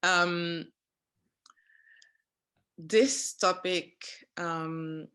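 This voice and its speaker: A woman's voice: fairly low pitch, fairly even intonation, very slow, a bit bright, smooth. A woman interviewer asking thoughtful questions and searching for her words as she goes. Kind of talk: interview conversation.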